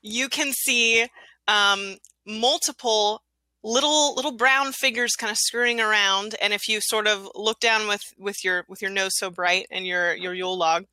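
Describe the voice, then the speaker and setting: A woman's voice: mid-range voice, a little slow, sharp tone, no room sound, poor audio. A woman running a tabletop game as game master, narrating with frequent giggles and fillers. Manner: giggly, lots of fillers and restarts.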